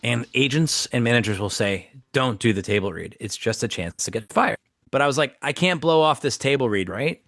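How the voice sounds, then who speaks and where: Speaking a little fast in an echo-free recording, an actor-comedian casually recounts a story. He stays animated and brings the quotes to life with big shifts in pitch.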